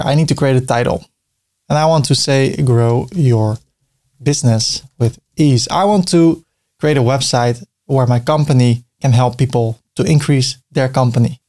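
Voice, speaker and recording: A man explaining a website builder step by step in a screen-recorded tutorial, thinking aloud as he clicks, with a few filler pauses. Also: mid-range voice, darkish tone. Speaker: web design tutor.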